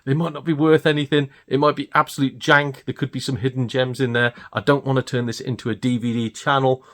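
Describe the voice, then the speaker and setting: A British man vlogging about retro game pickups, gleeful and excitable and laughing often. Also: medium pitch, brisk. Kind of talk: casual chat showing off purchases.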